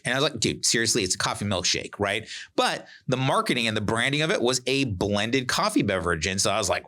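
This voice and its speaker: A man in his forties hosting a podcast, telling a story in a casual, animated way and acting out the dialogue he quotes. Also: medium pitch, quick pace, hardly any pauses. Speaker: podcast host.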